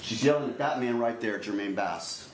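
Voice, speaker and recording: A male prosecutor delivering a deliberate opening statement to a jury, repeatedly addressing the jurors directly. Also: lowish voice, lively intonation. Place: courtroom. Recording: echoey courtroom recording, faint noise.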